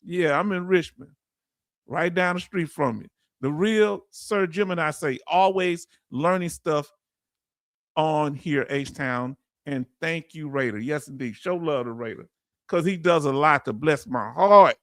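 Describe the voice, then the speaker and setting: A man's voice: on the high side, unhurried, dry recording, studio quality. A man with a Southern accent hosting a live stream, talking casually and reading out viewers' comments, with many fillers and restarts. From Southern United States. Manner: warm, chatty, with frequent fillers and restarts. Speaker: YouTube channel host. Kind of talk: live-stream chat shout-outs.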